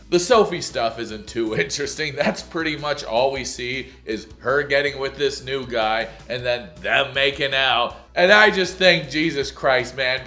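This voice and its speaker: A man doing a comedic recap of a TV show, sarcastic and mocking, swinging between shouted jokes and low asides. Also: creaky. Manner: sarcastic, mocking, bursts into loud laughter; stand-up delivery, jumps between shouting and muttering. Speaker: video recap host.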